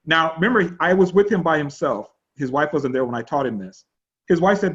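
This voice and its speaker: A man pastor teaching an online class in a chatty, animated storytelling way over a video call. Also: on the high side, a little fast. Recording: dull lo-fi online call audio.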